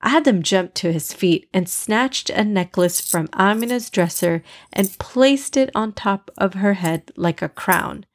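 A woman's voice: medium pitch, lively intonation, a little slow, few pauses. Woman reading a children's story. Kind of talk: children's storybook read aloud.

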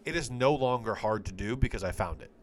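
A man's voice: mid-range voice, expressive, brisk. A man co-hosting a sports podcast, talking in a rambling, exasperated, profane way. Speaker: podcast co-host. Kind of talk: casual sports podcast chat.

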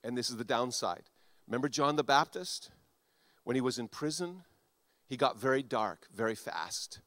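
A man preaching a sermon, animated, acting out quoted voices and swinging between loud and soft. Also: mid-range voice, moderate pace, dry recording. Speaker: pastor.

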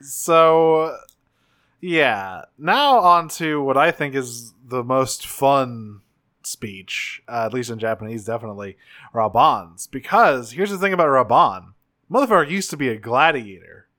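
A man co-hosting a casual discussion about a video game's story, talking in a relaxed way with swearing and frequent ums. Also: mid-range voice, unhurried. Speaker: podcast co-host.

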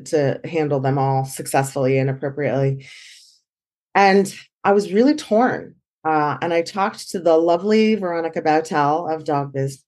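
Low-voiced woman telling a story. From San Francisco Bay Area. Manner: animated, acts out quoted dialogue. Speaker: guest, dog trainer. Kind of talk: conversational storytelling.

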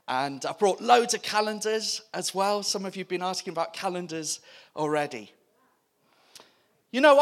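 A man telling stories to a church crowd, with a high, very lively voice that jumps all over the place. He laughs often and acts out the people in his stories. The delivery is warm-hearted and animated. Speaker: church speaker. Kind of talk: animated storytelling testimony.

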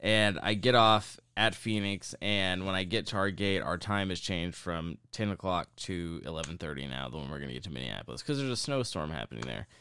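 A young man with a fairly low voice tells a rambling, swear-heavy story in casual podcast chat. His tone is bright and forceful, his voice clean and smooth. The sound is dry and close. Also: a little fast, few pauses, dry recording. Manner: profane, rambling anecdote-telling.

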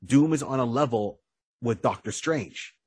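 Husky-voiced man animatedly retelling stories. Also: mid-range voice, a little slow, dry recording. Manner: animated storyteller, acts out characters' lines. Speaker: podcast co-host. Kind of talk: casual chat.

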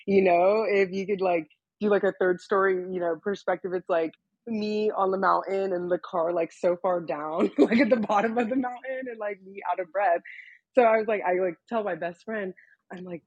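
A woman's voice: mid-range voice, brisk, a little mellow, breathy edge, no room sound, highs cut off. Chatty young woman saying "like" a lot. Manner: chatty, says "like" constantly, laughs often. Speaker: guest, nude model. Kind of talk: casual storytelling in a podcast interview.

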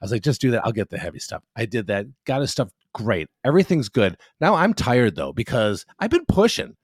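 A man's voice: mid-range voice, brisk, slightly rough, dry recording, clean studio sound. A man in his fifties on a casual podcast chat, telling a long story, swearing freely and acting out what people said. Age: 50s. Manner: profane, animated storyteller acting out quotes. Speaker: podcast co-host.

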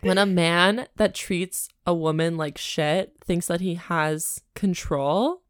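Slow-talking blunt sarcastic woman. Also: on the low side, no echo, studio quality. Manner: blunt, sarcastic, swears freely. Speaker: podcast co-host. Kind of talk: casual chat.

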